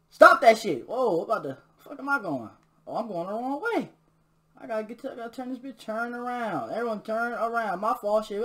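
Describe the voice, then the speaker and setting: A man giving excitable live gameplay commentary, trash-talking and bursting into shouts during fights. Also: sits high. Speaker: gamer. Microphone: new desk mic.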